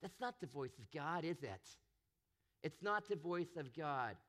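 A man preaching a sermon, animated and expressive, acting out the voices he quotes. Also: a little high, measured pace. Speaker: pastor.

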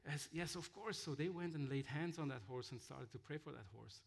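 A man telling mission stories in a sermon, halting with fillers and restarts. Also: mid-range voice, creaky. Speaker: missionary speaker. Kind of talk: sermon-style storytelling.

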